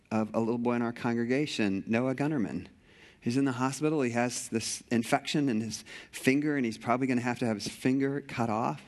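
A middle-aged male pastor preaching a sermon with passion, repeating phrases and often restarting sentences. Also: medium pitch.

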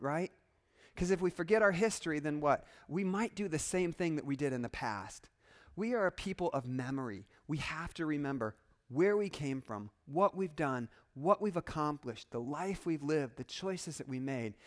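A male pastor delivers his sermon with a voice that sits a little high for a man. He moves between calm, quiet explanation and loud, animated emphasis.

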